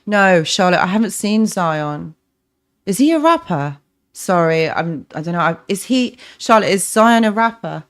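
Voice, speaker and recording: A woman from North London with a softened London accent, hosting a live stream, reading out viewers' comments and answering them with encouragement and frequent restarts. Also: fairly low pitch, lively intonation, unhurried. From North London, England. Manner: warm encouraging, talks to chat by name, many restarts. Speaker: relationship coach, livestream host.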